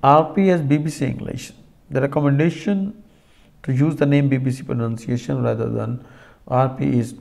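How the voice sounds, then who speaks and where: A man giving a recorded lecture to students, explaining slowly with many fillers and restarts and talking straight to the class. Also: mid-range voice, creaky, mellow.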